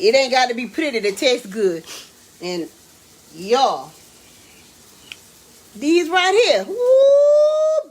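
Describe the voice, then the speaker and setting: A woman, chatting excitedly to viewers while cooking in her home kitchen. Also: medium pitch. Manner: excitable, exclaims with food, talks to viewers as y'all and baby. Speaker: home cook hosting a live cooking stream. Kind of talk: casual live cooking chat.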